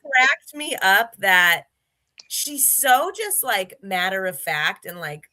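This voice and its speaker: Chatty woman with a bright, forceful voice. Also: mid-range voice, big pitch swings, slow pace. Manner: chatty storyteller, many fillers and restarts. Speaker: interview guest, former gymnast. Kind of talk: casual interview chat.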